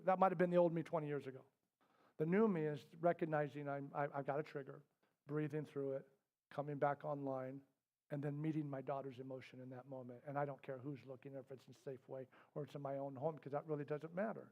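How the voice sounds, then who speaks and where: A middle-aged man teaching a parenting workshop, talking candidly to a live group. He tells stories, acts out the voices in them and drops to a soft, quiet tone for serious points. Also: a little high, fairly even intonation, fast talker. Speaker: parenting class instructor. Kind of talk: storytelling workshop talk. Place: indoor classroom with a live group.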